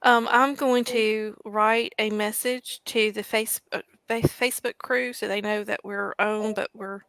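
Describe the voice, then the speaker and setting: A woman's voice: mid-range voice, flat delivery, measured pace, vocal fry, a bit bright, no room sound. A woman hosting a casual live-streamed chat in an easygoing way. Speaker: host.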